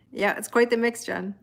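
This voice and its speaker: A woman's voice: a little high, vocal fry, a bit bright. A Canadian woman with a Canadian accent, hosting a tarot livestream in casual chat and greeting viewers by name as she reads their comments aloud.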